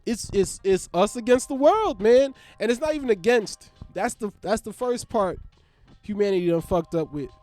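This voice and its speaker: A young man hosts a podcast, delivering a loose, profane comedic monologue that riffs with big, sudden swings in pitch and loudness. His intonation is lively and his pace moderate, with soft music playing in the background.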